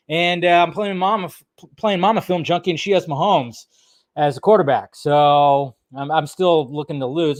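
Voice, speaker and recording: A man hosts a casual live stream and chats loosely with his viewers, greeting them by name and swearing freely. His voice sits somewhat high for a man. He is recorded close to the mic in a dry room with little echo.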